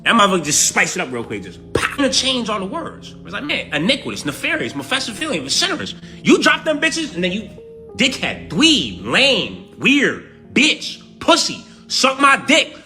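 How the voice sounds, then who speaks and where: A man's voice: sits high, normal speed, faint music behind. A man with a New York accent giving a brash, profane mock vocabulary lesson. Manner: brash, profane, animated delivery. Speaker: comedic vocabulary teacher.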